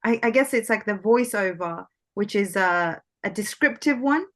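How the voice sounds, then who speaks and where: A woman's voice: mid-range voice, lively intonation, normal speed. A woman chatting casually and hesitantly, with many "like"s and restarts. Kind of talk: casual chat.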